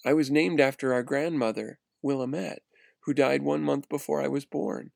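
A man voicing a gentle angel sister, a young girl spirit, softly and calmly urging in a read-aloud story. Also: mid-range voice, moderate pace, creaky, no echo, clean studio sound. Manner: soft, calm, urging.

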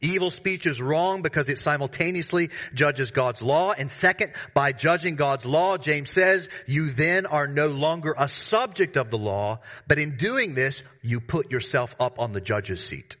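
Male pastor, bright voice, emphatic sermon delivery with sudden bursts and slangy asides. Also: animated, unhurried, few pauses. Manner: emphatic preaching with sudden rises in pitch and volume.

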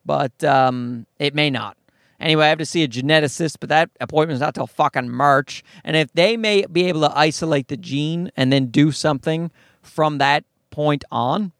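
A man's voice: on the high side, gravelly, no echo, clean studio sound. A man performing a profane stand-up comedy monologue, telling a story and acting out other people's lines. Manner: profane, animated storytelling with voiced asides.

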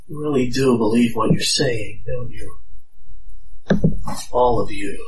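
An actor playing a calm, thoughtful man speaking in a measured way in a prerecorded clip. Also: mid-range voice, a little hiss or hum, lightly acted, poor audio.

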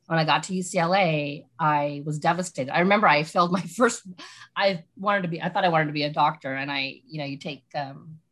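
Chatty animated woman podcast guest. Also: low-pitched, fairly quick. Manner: animated, rambling, many "like"s. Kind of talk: casual chat.

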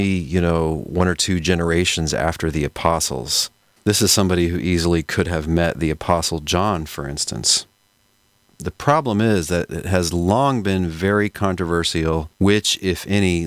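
Deep-voiced scholarly man, dry podcast sound. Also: dry recording. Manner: measured, scholarly, conversational. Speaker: podcast host. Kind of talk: explanatory lecture-style podcast talk.

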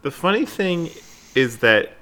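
A man's voice: a little high, very animated, slow, bright, forceful tone. An American man co-hosting a casual podcast, wry and opinionated, swearing now and then. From United States. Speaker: podcast co-host. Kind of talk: casual chat.

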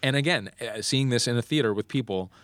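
A man's voice: mid-range voice, quick pace, fairly bright tone. A man hosting a podcast, animatedly retelling a film's plot in casual chat with frequent laughs and profanity. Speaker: podcast host. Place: Los Angeles area.

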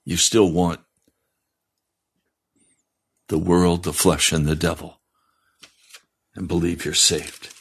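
A male pastor preaching a broadcast sermon, fiery and reading scripture aloud, rising in pitch on pointed questions. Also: little pitch movement, slow pace, vocal fry, pauses often, breathy edge. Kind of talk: radio sermon.

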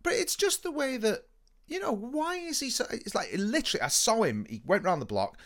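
A man telling stories in a casual podcast chat, animated and sweary. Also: extremely high pitch, brisk. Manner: animated storytelling with lively swearing. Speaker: podcast co-host.

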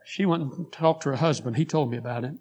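A man preaching a sermon, telling a story and swelling louder on key phrases while drawing out scripture slowly. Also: medium pitch, slightly rough.

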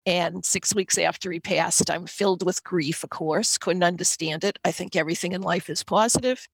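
Gravelly Boston woman telling her story. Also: fairly low pitch, normal speed, no echo. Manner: earnest, emphatic storytelling. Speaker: podcast guest, author. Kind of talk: personal storytelling interview.

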